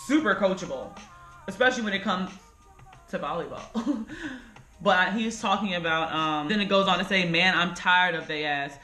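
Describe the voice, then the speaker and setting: A woman in her twenties vlogging at home in a blunt, frustrated, animated way. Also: medium pitch, reverberant, low-quality recording. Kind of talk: casual talking-head vlog rant. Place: home bedroom corner.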